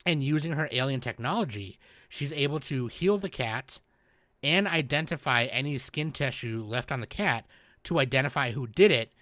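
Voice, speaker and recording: A man hosting a podcast, recapping in a rambling, animated, casual way and swearing freely. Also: medium pitch, moderate pace, dry recording. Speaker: podcast host. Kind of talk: casual chat.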